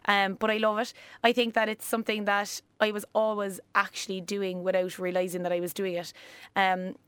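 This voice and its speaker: A woman's voice: mid-range voice, flat delivery, moderate pace, fairly bright tone, clean tone, no echo. An Irish woman in her late twenties, a life coach chatting as a podcast guest, rambling and laughing often. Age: 20s. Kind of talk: casual podcast chat.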